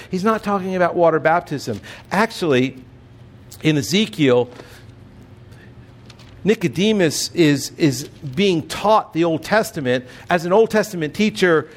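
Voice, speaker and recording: A man preaching a sermon in an earnest way, often repeating words for emphasis. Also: on the high side. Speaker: pastor.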